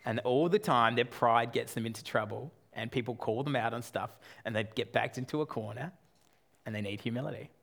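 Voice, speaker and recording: An Australian man in his thirties preaching a sermon with self-deprecating humor, swinging between loud and quiet delivery. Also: fairly high pitch. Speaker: pastor.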